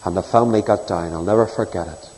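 Male preacher, earnest storyteller, warm mellow voice, long echo of a church hall. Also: low-pitched, fast. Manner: earnest, storytelling, shifts between loud emphasis and soft hush. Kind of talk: sermon.

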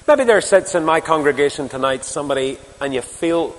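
A man with a Northern Irish accent preaching a sermon, swelling to loud emphasis and dropping to hushed asides. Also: a little high, expressive, fairly quick, few pauses. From Northern Ireland. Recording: sermon tape in a reverberant hall.

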